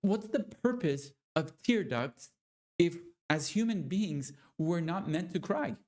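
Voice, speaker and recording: A man giving a motivational talk to other men, speaking with slow, deliberate, preacher-like emphasis. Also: fairly high pitch, expressive, a little mellow. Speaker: motivational coach.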